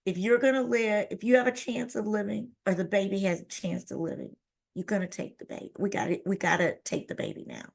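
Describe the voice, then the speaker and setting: A woman voicing a brisk, caring hospital nurse who speaks quickly and firmly in a hushed tone, with a gravelly edge. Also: medium pitch. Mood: urgent firm.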